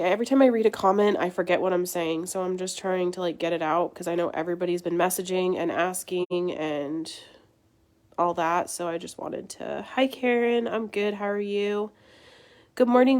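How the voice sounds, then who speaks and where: A woman's voice: mid-range voice, darkish tone. A young woman, congested and sore-throated, chatting to viewers in a casual livestream update and venting her frustration. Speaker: beauty livestream host.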